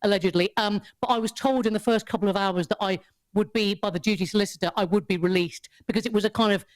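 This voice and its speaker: A woman, a podcast guest who tells a story in casual chat, animated, swearing freely and laughing often. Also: medium pitch, fast.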